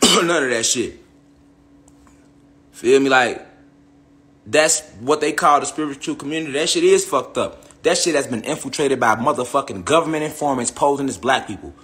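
This young online spiritual commentator launches into a profane, heated monologue for his followers, circling back on his points and peppering them with tag questions. His voice sits at medium pitch, fairly bright, at normal speed.

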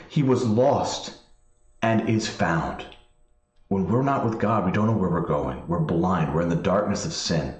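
Priest with a lively low voice, echoey room. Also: male voice, lo-fi sound. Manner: reads scripture slowly, then explains in plain spoken asides. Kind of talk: Bible study commentary.

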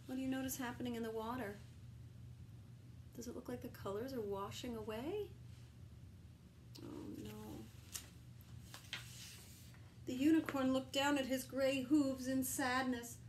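Gentle teacher reading to children. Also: female voice, sits high, steady tone, normal speed, a little hiss or hum, low-quality recording. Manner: gentle, asks children questions. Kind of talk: storybook read-aloud for children.

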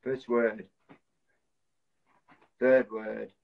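A man's voice: fairly low pitch, little pitch movement, extremely slow, vocal fry. A man hosting a casual live stream, acting out film titles and reading out viewers' guesses as they come in. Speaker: host of an Instagram live stream. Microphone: phone. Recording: lo-fi phone live stream audio.

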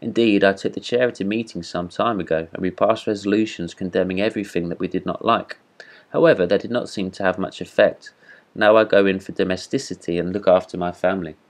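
A man's voice: low voice, steady tone, brisk. A man voicing a peaceable, homely female duck in a storybook reading, in a mild, practical manner.

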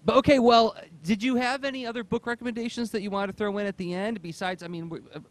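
A man's voice: sits high, steady tone, fast. A man hosting a comics podcast, chatting casually and animatedly and laughing often. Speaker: podcast host.

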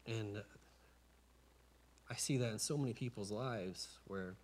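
A middle-aged man with a Midwestern American accent preaching a sermon as pastor, moving from hushed storytelling to loud, stammering pleading. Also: lowish voice, a little slow. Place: church sanctuary.

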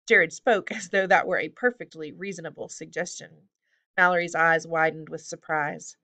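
A woman narrating a children's book aloud, steady storytelling with the odd slip. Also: deep voice, normal speed. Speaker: reader.

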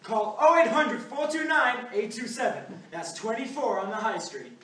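A woman's voice: a little high, big pitch swings, normal speed, a bit bright. A teenage girl playing Doctor Danger, a smarmy male TV plastic surgeon who calls everyone darling, in a school drama sketch. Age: teens. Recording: echoey room, far from mic, noisy.

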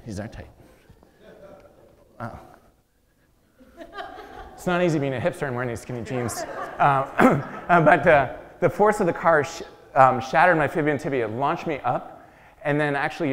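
A man giving a talk to an audience, telling his story with self-deprecating jokes. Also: mid-range voice. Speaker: guest speaker. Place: large meeting hall. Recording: long hall reverb.

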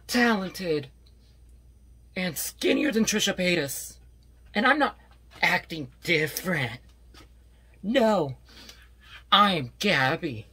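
A woman playing a rambling, defensive parody of a female YouTuber in a comedy sketch, swinging into yelling. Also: fairly low pitch, slightly rough, exaggerated voice.

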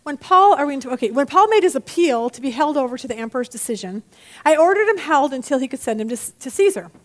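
A woman teaching a Bible study lesson in a chatty, animated way, acting out the people she quotes. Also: high-pitched, fast talker.

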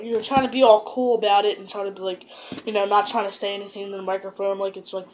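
A woman casually recapping a wrestling show, rambling with lots of fillers and restarts and getting excited as she goes. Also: medium pitch, fast talker, a little hiss or hum.

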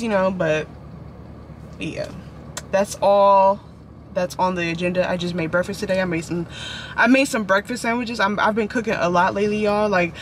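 A man's voice: sits high, moderate pace, slight background noise. A man vlogging from inside a parked car, rambling and apologizing as he chats. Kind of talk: casual chat.

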